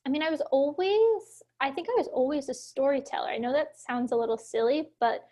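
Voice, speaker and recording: A woman's voice: sits high, brisk, warm tone. A woman from Philadelphia, an actor and producer, chatting casually in an interview with many "like" fillers and frequent laughs. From Philadelphia, USA.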